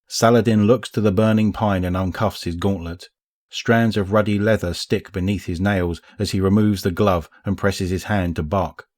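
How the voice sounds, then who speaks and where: A man with a low voice reads a story aloud as scripted narration. His delivery is measured and even, suited to an audiobook. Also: dry recording, studio quality. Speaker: audiobook reader.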